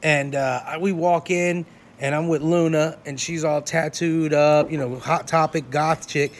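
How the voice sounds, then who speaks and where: A man with a notably high speaking voice tells crude stories from life on the road. He talks loosely and laughs easily, and the tone stays casual and irreverent throughout. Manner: crude, animated, quick to laugh. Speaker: touring performer. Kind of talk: raunchy casual storytelling.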